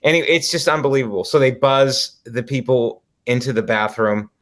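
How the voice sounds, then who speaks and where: A man's voice: medium pitch, fairly quick, fairly bright tone. A man co-hosting a comedy podcast, telling stories and acting out the people in them in casual chat. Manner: storytelling, acts out quoted people. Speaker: podcast co-host.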